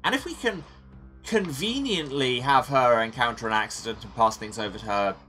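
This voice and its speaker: A man's voice: mid-range voice, lively intonation, moderate pace, pushed and bright, faint music behind. A man hosting a let's play, reading story text aloud and musing on his choices with wry humor. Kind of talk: reading game text and commenting.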